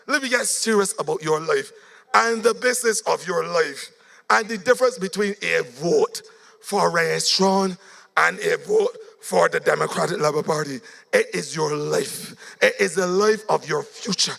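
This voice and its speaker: Hoarse, fiery Barbadian man at a rally. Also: high-pitched, normal speed, bright, forceful tone. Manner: fiery, sing-song, ends phrases with "man". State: voice going hoarse. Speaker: political speaker. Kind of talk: political rally speech.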